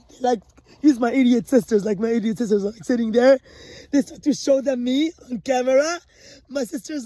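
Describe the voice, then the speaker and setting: A woman delivering an agitated, profane rant that swings between shouting and low muttering. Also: no room sound. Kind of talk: ranting monologue.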